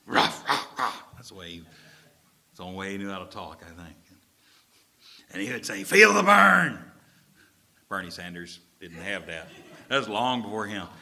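A man preaching a sermon as pastor, animated, with folksy asides to the congregation. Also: low-pitched, moderate pace, pauses often.

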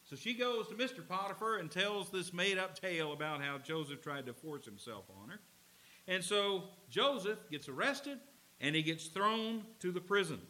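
A man's voice: high voice, moderate pace. A male pastor preaching a sermon in a church, speaking emphatically and acting out scenes as he goes. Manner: expressive, emphatic, dramatizes scenes. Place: church with a slide screen.

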